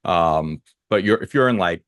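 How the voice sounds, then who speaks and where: A man's voice: low-pitched, animated, moderate pace, a bit bright, no echo, studio quality. A young American man co-hosting a podcast, telling stories in a rambling, casual way full of "like"s. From United States. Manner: rambling, filler-heavy storytelling. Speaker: podcast co-host. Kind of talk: casual chat.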